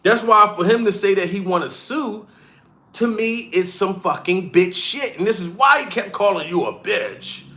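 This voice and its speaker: A man's voice: sits high, lively intonation, normal speed, bright, forceful tone. A comedian streamer ranting profanely and mockingly on a live stream, calling out to chat as he goes. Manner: profane, heated, mocking rant.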